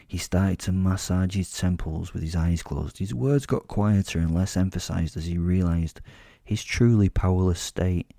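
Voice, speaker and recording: A man narrates a first-person audio drama with a deep, low voice. His tone is dark and deliberate, with a menacing edge, recorded dry and close to the mic. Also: gravelly, dry recording.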